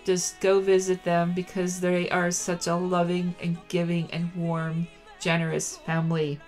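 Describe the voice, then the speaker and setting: A woman's voice: lowish voice, monotone, measured pace, darkish tone, faint music behind. A woman hosting a podcast, gushing and effusive, tearful and emotional as she talks. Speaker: podcast host. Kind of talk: casual interview chat.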